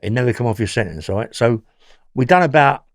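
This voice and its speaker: A man's voice: mid-range voice, animated, brisk, dry recording, clean studio sound. A man with a London accent telling his story as an interview guest, rambling and often checking in with "yeah?".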